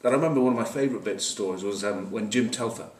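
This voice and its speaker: A man's voice: on the low side, racing, a little mellow. A man giving a casual rugby match preview, wry and joking, with lots of fillers and asides, recorded on a camcorder at a distance. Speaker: rugby pundit. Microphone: camcorder mic at a distance. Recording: roomy, distant camcorder sound.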